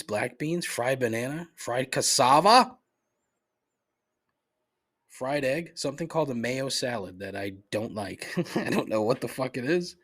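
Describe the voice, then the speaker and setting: This man's voice sits at medium pitch with a fairly bright tone. He hosts a solo comedic podcast, reading off a menu and launching into an exasperated, swear-heavy rant.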